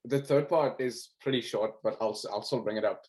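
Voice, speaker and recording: A young man co-hosting a casual podcast over a video call, excitable and joking, swearing often. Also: mid-range voice, a little fast, low-quality recording. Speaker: podcast co-host.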